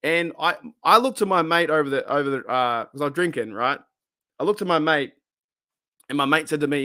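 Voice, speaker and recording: A man's voice: on the high side, a little fast, pushed and bright, no room sound, studio quality. A middle-aged Australian man hosting a live podcast, telling a long rambling story full of slang, restarts and laughter. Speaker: podcast host.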